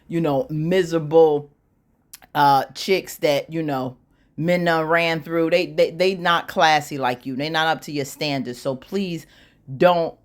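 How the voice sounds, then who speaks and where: A woman putting on a smooth-talking, cheating man. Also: low-pitched, steady tone, unhurried. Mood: coaxing. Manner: smooth, coaxing, dismissive of the other women. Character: lying, cheating man pleading his case.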